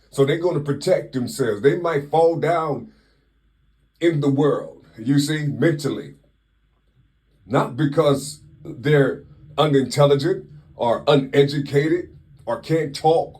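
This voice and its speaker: A man giving a slow spiritual monologue, asking drawn-out rhetorical questions and repeating "you see" constantly. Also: on the high side, a little mellow. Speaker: spiritual teacher.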